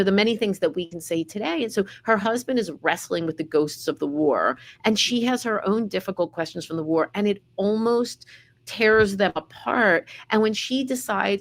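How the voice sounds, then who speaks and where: A middle-aged woman, an author being interviewed, speaking in an earnest, reflective way. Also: mid-range voice. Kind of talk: casual conversational interview.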